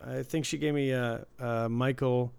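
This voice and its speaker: A man's voice: medium pitch, fairly even intonation, moderate pace, creaky, darkish tone, smooth, dry recording. A man co-hosting a podcast, telling stories in casual chat and laughing often. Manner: laughing often, loose storytelling. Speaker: podcast co-host.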